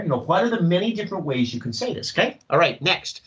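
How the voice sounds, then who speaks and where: Animated male drama teacher. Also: fairly high pitch, fast talker, poor audio. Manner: animated, acts out student voices. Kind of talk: teacher workshop talk.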